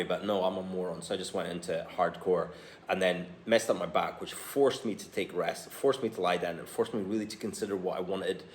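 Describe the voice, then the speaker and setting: Candid man in an echoey room. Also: deep voice. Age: 40s. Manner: candid, blunt, swears casually. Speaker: personal trainer and health coach. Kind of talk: casual talk to camera, reading from his phone. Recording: echoey room with faint ambient noise.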